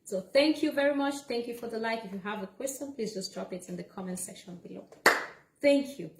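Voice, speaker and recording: A woman's voice: a little high, a little fast, echoey room, very noisy. A woman livestreaming relationship advice in a casual, earnest way, repeating her points and checking in with "okay?".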